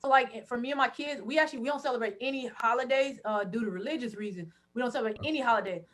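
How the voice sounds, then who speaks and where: Woman, podcast guest, high voice, loud animated stories, laughs a lot. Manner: loud, laughing, quick asides. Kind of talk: animated storytelling.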